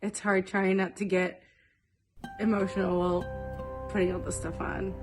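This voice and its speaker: A young woman who plays live-action role-playing games talks casually in an interview, sounding enthusiastic and reflective. Her mid-range voice has a flat delivery and moderate pace. The room is echoey, with faint music in the background.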